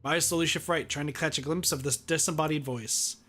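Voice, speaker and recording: A man streaming, reading a visual novel aloud in steady first-person narration. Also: fairly high pitch, a little fast, soft background music.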